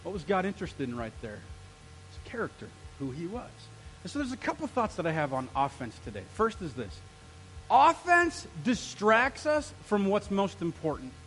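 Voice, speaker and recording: A male pastor preaching an energetic sermon, throwing questions out to the congregation. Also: sits high, moderate pace, faint music behind, poor audio.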